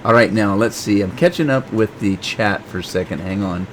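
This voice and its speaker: A man's voice: fairly low pitch, moderate pace, a little hiss or hum. A middle-aged man live-streaming a farming game, chatting and joking as he reads the chat aloud.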